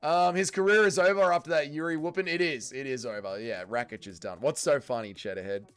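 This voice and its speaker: A man's voice: a little high, fairly quick, smooth. A young man hosting a casual livestream watch-along, reading viewer chat aloud, bantering and swearing freely. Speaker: livestream host.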